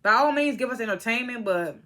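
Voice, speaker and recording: Blunt, bright-voiced reality TV reviewer. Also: mid-range voice, animated, a little fast. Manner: blunt, opinionated, profane; rambling with restarts and asides. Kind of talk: casual vlog commentary.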